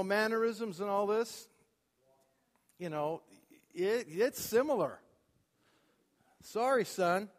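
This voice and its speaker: Casting note: middle-aged male pastor, high voice, emphatic preaching, long hall reverb. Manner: emphatic preacher, swings between loud declarations and quiet asides. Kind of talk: sermon. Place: church sanctuary.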